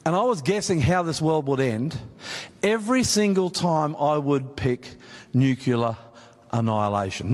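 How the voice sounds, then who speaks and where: A man with an Australian accent and a voice on the high side preaches a sermon on Bible prophecy in a meeting hall before an audience. He is emphatic and chatty, addressing listeners directly, and his words carry a long reverb tail.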